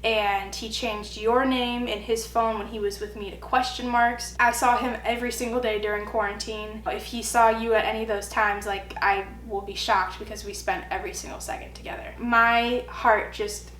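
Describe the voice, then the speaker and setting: A young woman with a fairly high voice tells a personal story to her camera, bringing the quoted lines to life. Her voice carries an echoey room sound with a faint hum behind it. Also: steady tone, moderate pace, few pauses, a bit bright. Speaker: vlogger. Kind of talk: storytime vlog.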